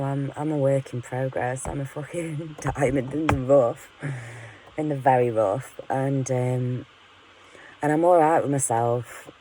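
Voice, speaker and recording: A woman's voice: a bass voice, warm tone, slight background noise, low-quality recording. A woman venting in a candid, rambling monologue to her camera, frank and full of swearing, often laughing at herself. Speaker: vlogger.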